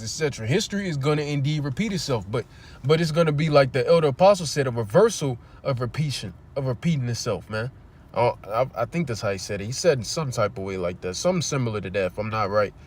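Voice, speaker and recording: On a livestream near a street, a man with a fairly high, slightly mellow voice preaches informally from scripture. He reads passages aloud, throws rhetorical questions at his listeners, and swears bluntly to hammer his points home.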